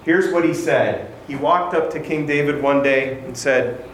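A man's voice: fairly high pitch, a little slow, fairly bright tone. A male pastor retells a story from the pulpit, slipping into the voices of its people and adding wry asides about himself. His voice rings out in a roomy, echoing space over a faint hum of ambience. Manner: storytelling, acting out quotes, self-deprecating asides. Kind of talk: sermon. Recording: echoey room with faint ambience.

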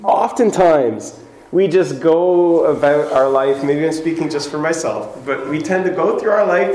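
A man's voice: fairly high pitch, a little slow, darkish tone. Man preaching in an echoey church. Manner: conversational preaching, acts out quoted voices. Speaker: pastor. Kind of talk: sermon. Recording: echoey room with faint ambience.

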